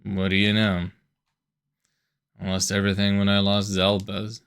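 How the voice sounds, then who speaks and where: A man's voice: on the low side, completely flat delivery, unhurried, a bit bright, clear, resonant tone. A man reading aloud as a bitter, weary pirate captain in a game, curt and defensive.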